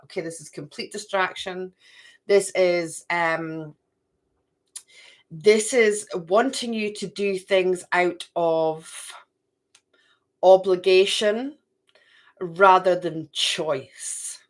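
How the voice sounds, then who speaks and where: A woman in middle age reads oracle cards for her viewers at an unhurried pace. Her voice sits low, and she chats loosely, often thinking aloud to herself. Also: steady tone. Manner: chatty, talks to herself, repeats phrases. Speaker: card reader. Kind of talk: live oracle card reading to viewers.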